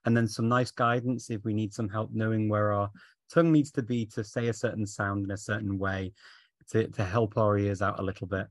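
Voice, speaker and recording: A man interviews in a friendly, agreeable way and laughs easily. His voice sits fairly low. The sound is dry and close, like on a video call. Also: steady tone, brisk, no echo. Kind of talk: conversational interview.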